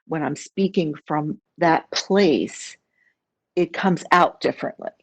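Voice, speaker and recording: Woman, low voice, public speaking trainer, measured instructive webinar talk, dry close sound. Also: creaky, dry recording. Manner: measured, instructive, repeats key phrases. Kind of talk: webinar presentation. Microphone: video call.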